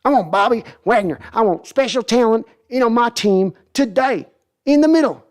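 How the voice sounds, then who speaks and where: A man doing an impression of a blustering older Texan football team owner with a Texan accent, in a high, strained, shouty voice. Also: animated, moderate pace.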